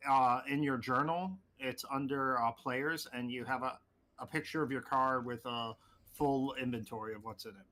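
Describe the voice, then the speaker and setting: Game master, a man, bright-voiced, explanatory, casual tabletop session. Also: mid-range voice, fairly even intonation, normal speed. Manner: explanatory, restarts often.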